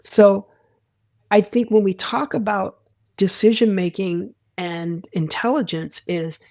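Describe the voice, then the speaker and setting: A man's voice: sits high, steady tone, slow, a little mellow, no room sound, studio quality. A man, a sports psychologist, talking as a guest in a casual interview, rambling with restarts and acting out quoted dialogue.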